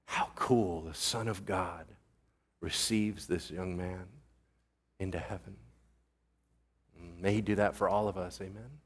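A man pastor giving a sermon in a conversational way, firing quick questions at the congregation and mixing jokey asides into earnest teaching. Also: sits low, steady tone, breathy edge.

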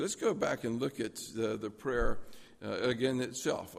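Gravelly-voiced pastor preaching in a reverberant hall. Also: male voice, mid-range voice, normal speed. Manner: storytelling, earnest, drops to a hushed voice for prayers. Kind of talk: sermon.

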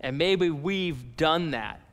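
A pastor preaching with a high, lively voice that rings through a large reverberant hall. He talks to his congregation in a loose, animated way and slips into voices for the people in his story. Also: slow pace. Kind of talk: sermon.

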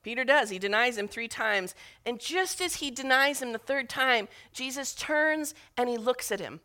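Preaching a sermon, a woman retells scripture and her own memories with earnest emotion, her intensity rising on the appeals. Her voice is a little high and expressive, with a sharp tone and a moderate pace.

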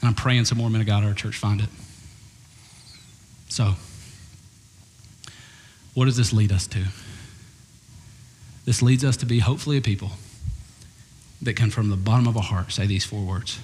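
A man's voice: fairly low pitch, fairly even intonation, moderate pace, pauses often, darkish tone, slight background noise. A man preaching a sermon, conversational and humorous, slipping into acted voices. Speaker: pastor. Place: church sanctuary. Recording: church hall reverb with guitar playing.

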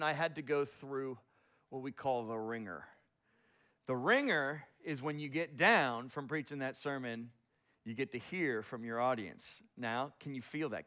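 A pastor delivers a sermon in a fairly high male voice. He moves from reading scripture to an animated, self-deprecating story about his own preaching.

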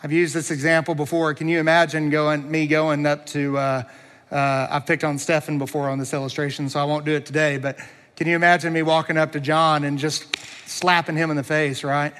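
Male pastor, high and bright voice, earnest emphatic sermon delivery. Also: flat delivery, fairly quick, in a large hall. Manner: earnest preaching with emphatic repetition and rhetorical questions.

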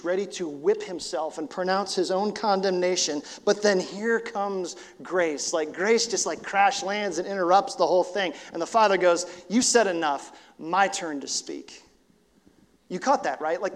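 A male pastor giving a conversational sermon, acting out quotes as he teaches. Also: sits high. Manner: conversational preaching with acted-out quotes. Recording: long church reverb.

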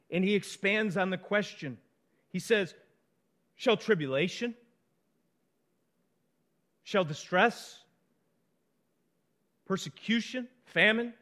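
Animated, slow-paced male preacher. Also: high-pitched. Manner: emphatic, rising to passionate peaks then dropping quiet. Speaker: pastor. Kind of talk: sermon.

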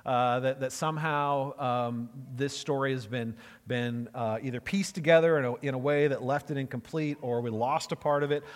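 A man's voice: mid-range voice, steady tone, moderate pace, few pauses, big-room sound. A man preaching a sermon as pastor, emphatic and conversational, repeating phrases for effect.

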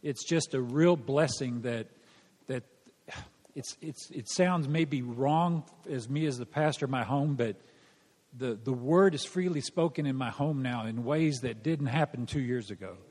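A middle-aged man shares a grateful testimony in church and stumbles through repeated words. His voice sits at an ordinary pitch and echoes with long hall reverb. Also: measured pace, a little mellow. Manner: grateful, stammering. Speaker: congregation member.

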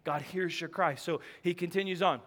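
A man preaching a sermon, telling a story and swinging between loud, emphatic lines and soft, hushed ones. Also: sits high, moderate pace, big-room sound.

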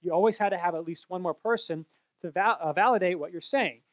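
High-voiced man teaching Scripture. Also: quick pace, no echo. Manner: earnest, explanatory, with frequent self-corrections. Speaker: Bible teacher. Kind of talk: explaining a Bible passage.

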